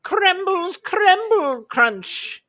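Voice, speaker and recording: A man putting on a creepy demonic voice, pitched high and strained, stretching his words out like a sing-song ad pitch. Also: sing-song, drawn-out words, pushed and bright, full character voice. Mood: mock-sinister. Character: creepy demonic male announcer voice.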